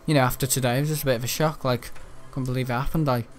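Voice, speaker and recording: A man giving rambling, chatty gameplay commentary, laughing often and breaking into excitable outbursts. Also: medium pitch, racing, faint music behind. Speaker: gaming channel host.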